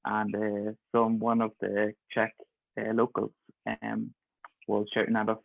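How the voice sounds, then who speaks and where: A man's voice: fairly low pitch, monotone, normal speed, gravelly, no echo. Man telling stories over a tinny call. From Ireland. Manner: chatty, laughs through his stories. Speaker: guest, pharmacist. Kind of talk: casual storytelling. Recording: thin phone-like call audio.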